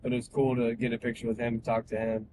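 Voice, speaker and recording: A man's voice: medium pitch, level tone, fast talker, background noise. Laid-back man telling a bar story. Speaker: bartender. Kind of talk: casual storytelling.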